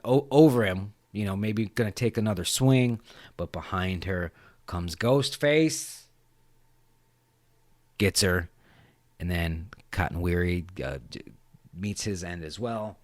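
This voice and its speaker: A man's voice: fairly low pitch, no room sound. A man hosting a podcast, recapping a movie scene in a casual, rambling way with lots of swearing. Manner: animated, profane, rambling. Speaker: podcast host.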